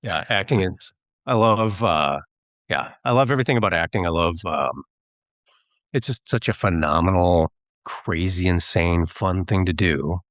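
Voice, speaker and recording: A man's voice: sits low, expressive, moderate pace, a bit bright, no echo, highs cut off. A man, a filmmaker and actor, talking as a podcast guest in a chatty, rambling way and mimicking voices when he quotes people. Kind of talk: casual podcast interview.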